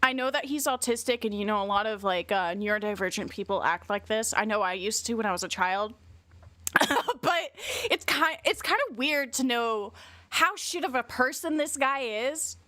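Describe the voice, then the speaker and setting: A woman's voice: fairly high pitch, lively intonation, moderate pace, pushed and bright, no echo. A woman streamer chatting casually and bluntly, rambling and swearing a lot. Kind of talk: casual livestream chat.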